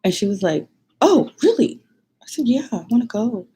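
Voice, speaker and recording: Husky-voiced woman telling a chatty story. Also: expressive, fast talker, mellow. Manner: chatty, many "like"s, laughs often, acts out quotes in a high voice. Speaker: vlogger. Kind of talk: casual storytelling to camera.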